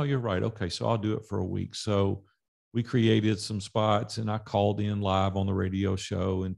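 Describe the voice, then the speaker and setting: A man's voice: lowish voice, gravelly. A middle-aged man from Nashville, Tennessee, a podcast guest telling stories in a casual interview and acting out the dialogue in them. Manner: animated storyteller acting out dialogue.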